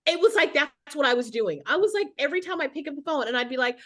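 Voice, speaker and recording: A woman's voice: sits high, lively intonation, quick pace, sharp tone. A middle-aged woman giving a casual motivational talk on a video call as a guest speaker, chatty and rambling with many restarts.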